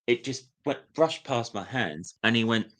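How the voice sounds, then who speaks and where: A man's voice: medium pitch, animated, unhurried, heavy background noise. A young man telling candid personal stories from his school days, now and then putting on the sneering voice of a teacher. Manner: candid, reliving memories, acts out a teacher's sneering voice. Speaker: guest. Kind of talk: personal storytelling.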